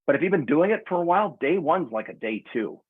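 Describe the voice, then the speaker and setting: A man in his sixties chatting casually on a video call, telling stories in an animated way. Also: fairly high pitch, fast talker, breathy edge, dry recording. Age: 60s. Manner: animated storyteller, acts out quoted voices. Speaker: guest community member. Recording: tinny phone-like video call audio.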